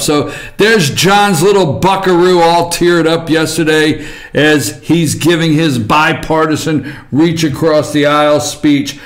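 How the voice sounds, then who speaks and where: A man's voice: a little high, slow, fairly bright tone. A man hosting a talk show, giving opinionated political commentary in a sarcastic, rambling way with many fillers.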